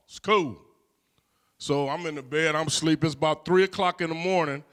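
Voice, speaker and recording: A man's voice: fairly high pitch, moderate pace, a bit bright, clear, resonant tone. A middle-aged man from California telling a personal life story in a conversational way, with frequent "you know" fillers. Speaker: guest.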